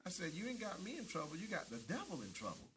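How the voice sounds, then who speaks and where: A man's voice: high-pitched, wildly swooping pitch, fast talker, a bit bright. A man preaching a sermon with fervent emphasis, often repeating words as he restarts and punctuating lines with amens.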